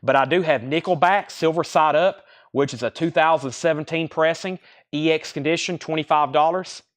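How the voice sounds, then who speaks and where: A young man hosting a live record sale, rambling casually between quick price call-outs. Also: fairly high pitch. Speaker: record store host running a live sale. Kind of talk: casual livestream sales patter.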